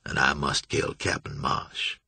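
A man voicing a sophisticated, cruel male vampire, talking slowly with chilly amusement in an audiobook. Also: a bass voice, monotone, bright, forceful tone, dry recording, pitched below the performer's own voice, full character voice. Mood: cold amused. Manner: smooth, slow, chilly amusement.

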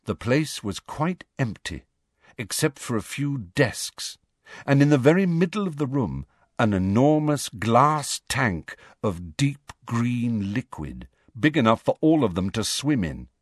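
A man reading a novel aloud as an audiobook narrator, in a measured storytelling manner. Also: mid-range voice, big pitch swings, no echo, studio quality. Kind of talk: scripted narration.

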